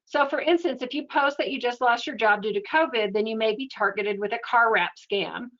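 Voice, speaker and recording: A woman giving an educational webinar talk in a steady, explanatory, conversational way. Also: fairly high pitch, a little fast, lo-fi sound. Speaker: webinar presenter.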